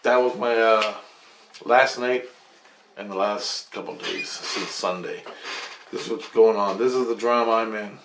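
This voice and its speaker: A man's voice: fairly low pitch, a little slow, vocal fry, a bit bright. A man telling a rambling, profane story about his dreams, casual and agitated. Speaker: vlogger recounting dreams. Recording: echoey room with faint noise.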